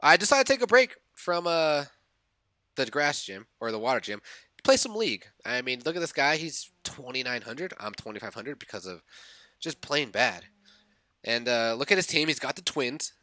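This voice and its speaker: Excitable young man narrating his game. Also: mid-range voice, normal speed, pauses often, dry recording. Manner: excitable, reliving his own reactions; thinks aloud, corrects himself. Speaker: gaming YouTuber. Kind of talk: casual game commentary voice-over.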